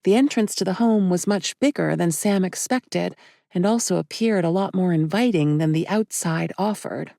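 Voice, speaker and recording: Woman reading an audiobook, low gravelly voice, dark and mellow, dry close sound. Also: moderate pace, no echo. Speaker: audiobook narrator. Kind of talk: scripted narration.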